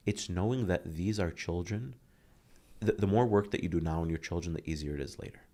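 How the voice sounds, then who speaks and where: 30s guy on a podcast, low raspy-ish fry voice, tells stories all earnest. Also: fairly quick. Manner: earnest, animated storytelling with acted-out quotes. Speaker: guest, motivational speaker. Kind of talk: candid podcast conversation.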